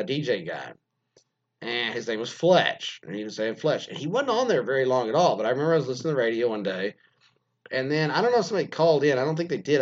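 On a muffled recording, a medium-pitched male podcaster rambles casually while going through stories sent in by listeners. He jokes around crudely, wanders off topic, and leans heavily on filler words.

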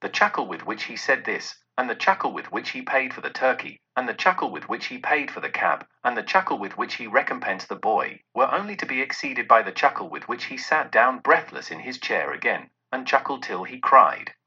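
A man narrates a storybook with lively, expressive rises and falls. His voice is very bright and a touch husky, and the recording sounds dull and lo-fi. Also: mid-range voice, brisk, hardly any pauses.

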